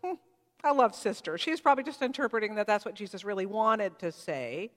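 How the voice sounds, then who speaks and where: A woman pastor preaching a sermon in a church, heartfelt and reflective, leaning into some phrases and letting others fall quiet. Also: medium pitch, lively intonation, brisk, in a large hall.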